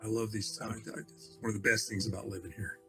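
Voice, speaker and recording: A man's voice: lowish voice, flat delivery, fast, fairly bright tone, faint music behind. A man playing a character in a tabletop game, casual and friendly. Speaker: player.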